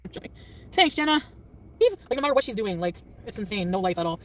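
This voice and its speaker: A woman chatting on a casual livestream, quick and defensive, often laughing and snapping back at commenters. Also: medium pitch, very animated. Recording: distant mic with faint traffic noise.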